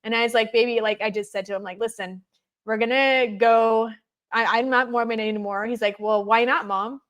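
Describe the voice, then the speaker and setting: A woman in her thirties, a podcast guest, telling her story in an animated way and acting out her children's words. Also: on the high side, brisk, clean tone. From United States. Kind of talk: personal testimony in a podcast interview.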